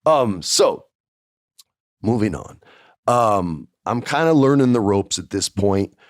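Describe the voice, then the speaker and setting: A podcast host with a lowish, animated voice tells a casual first-person story at a slow pace, chatting easily and acting out the dialogue. The recording is studio quality with no echo.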